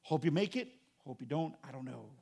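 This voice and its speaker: A man preaching a sermon as pastor, animated and conversational, with joking asides to the congregation. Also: medium pitch, brisk, gravelly, slightly rough.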